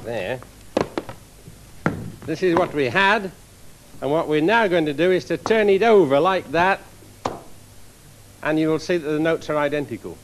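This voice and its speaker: Lively man giving a science lecture. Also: a little high, unhurried, pauses often, slight background noise. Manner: lively, demonstrative explaining to an audience. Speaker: engineering professor giving a lecture. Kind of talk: televised public science lecture. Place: lecture theatre with a live audience.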